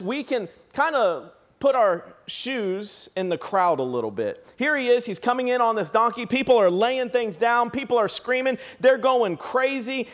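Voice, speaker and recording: A male pastor preaching a sermon, animated, acting out the shouting crowd as he tells it. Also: high-pitched. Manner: animated, acts out excited crowd voices.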